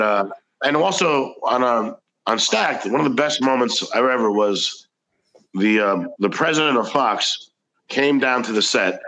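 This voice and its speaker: A man's voice: medium pitch, bright, forceful tone, rough recording. Chatty man telling stories. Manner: chatty, anecdotal, frequent restarts. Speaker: guest comedian. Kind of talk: casual storytelling.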